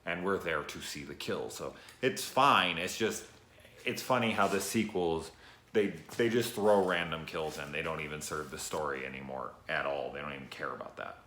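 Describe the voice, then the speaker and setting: A man's voice: a bass voice, moderate pace, bright, forceful tone, a little hiss or hum. A man giving a casual, profanity-laced spoken review of a horror film, rambling with a nervous sniff. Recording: echoey room.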